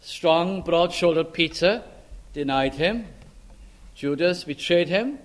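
A man preaching a sermon, quoting scripture slowly and emphatically and asking his listeners rhetorical questions. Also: a little high, expressive.

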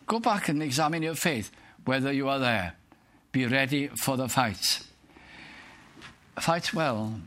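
Older man, preacher, sermon, bright tone, earnest, direct questions. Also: medium pitch.

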